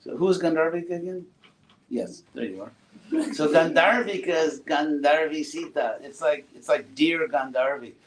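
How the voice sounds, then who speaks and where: A man giving a relaxed classroom talk, asking his students questions and adding playful asides. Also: mid-range voice. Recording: roomy echo, far from mic, faint noise.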